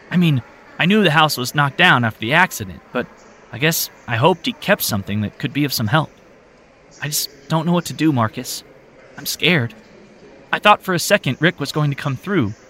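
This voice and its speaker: A man's voice: a little high, pushed and bright, voice pushed up. A man voicing an anxious woman in an audiobook. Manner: tense and pleading. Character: anxious woman searching for her daughter.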